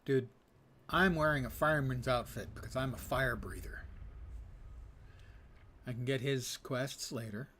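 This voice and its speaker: An older man in his seventies streaming a game in casual commentary, his voice sitting at an ordinary middle pitch. He tosses off dry, sarcastic jokes and reads menu text aloud as he plays. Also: measured pace, long pauses, fairly bright tone, a little hiss or hum. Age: 70s.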